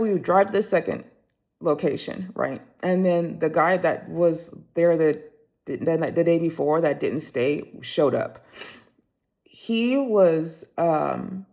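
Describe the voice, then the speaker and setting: A woman vlogging, candidly telling a story about her backpacking trip in a casual, animated way. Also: fairly low pitch, vocal fry.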